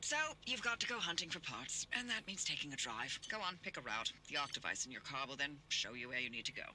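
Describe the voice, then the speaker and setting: A calm guide giving instructions. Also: male voice, medium pitch, fast, slight background noise. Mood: instructive. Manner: matter-of-fact, instructive. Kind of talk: video game dialogue. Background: game music.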